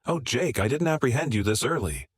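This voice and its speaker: A man voicing a defensive, manipulative woman in a spoken story, with a sharp, insistent way of talking. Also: medium pitch, animated, a little fast, breathy edge, dry recording, studio quality.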